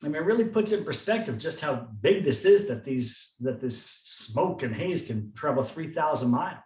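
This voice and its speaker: A man's voice: a little high, lively intonation, normal speed, a little mellow. A man co-hosting a podcast, telling stories in a dry, matter-of-fact conversational way. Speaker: podcast co-host. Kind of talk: casual conversational chat. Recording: roomy sound, distant from the mic.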